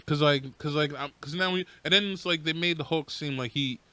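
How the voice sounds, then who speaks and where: A man co-hosting a casual podcast, talking in slangy, profane rants. His voice sits a little high and sounds bright, and it sounds dry and close with no room around it. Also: brisk, clear, resonant tone, no room sound. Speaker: podcast co-host. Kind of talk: casual chat.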